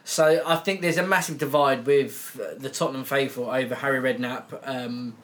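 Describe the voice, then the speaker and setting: A man giving his view on a football podcast. He speaks plainly and evenly. His pitch is ordinary. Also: steady tone, normal speed, fairly bright tone, a little hiss or hum. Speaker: podcast co-host. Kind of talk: casual football podcast chat.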